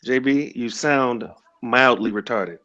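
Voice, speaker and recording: A man's voice: mid-range voice, takes it slowly, sharp tone. A man with a mid-range voice who is sarcastic and insulting, delivering cutting jabs. He comes through a muffled, lo-fi online voice chat. His tone is openly mocking. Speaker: debate participant.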